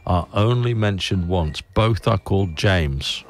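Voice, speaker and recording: Deep-voiced man rambling through trivia. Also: lively intonation, takes it slowly. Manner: rambling, chuckling, self-correcting. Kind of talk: comic trivia monologue. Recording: loud music behind.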